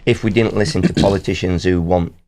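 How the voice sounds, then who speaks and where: A man's voice: sits low, steady tone, brisk, a little mellow. A middle-aged man from Nottinghamshire with a Nottinghamshire accent, chatting on a podcast and telling rambling stories. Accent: Nottinghamshire English. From Nottinghamshire, England. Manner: rambling storyteller, laughs often. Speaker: band guest. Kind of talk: casual podcast chat.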